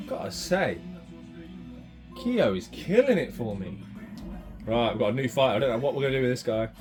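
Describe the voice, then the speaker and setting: A man giving excitable running commentary while playing a retro fighting game, swinging between mutters and shouts. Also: mid-range voice, brisk, over music. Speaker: retro gaming channel host.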